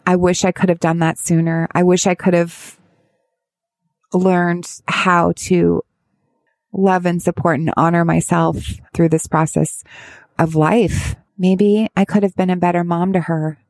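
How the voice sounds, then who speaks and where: A woman speaking as a parent of a child with addiction, giving candid advice in a halting, heartfelt way with many restarts. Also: on the low side, flat delivery, darkish tone, no room sound. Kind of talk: candid personal advice talk.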